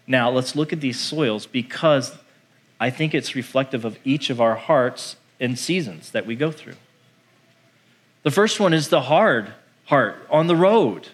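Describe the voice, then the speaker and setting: A male pastor preaching a sermon in an animated, conversational way, acting out the voices he quotes. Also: medium pitch, measured pace.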